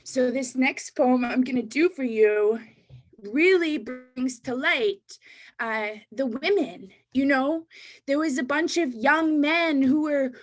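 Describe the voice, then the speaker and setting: A woman's voice: high voice, slow pace. A Canadian woman, a poet and educator, reciting rhyming spoken word poetry and coaching listeners to repeat words after her. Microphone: online webinar mic.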